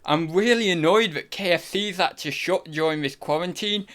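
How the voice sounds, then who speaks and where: A man doing a quick impression of a friend, a grumbling young man who complains about fast food. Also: high voice, a bit bright.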